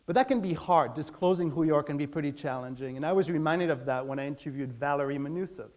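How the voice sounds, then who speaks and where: Animated man giving a stage talk. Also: on the high side, fast. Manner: animated, acts out everyday dialogue in quotes; asks the audience direct questions.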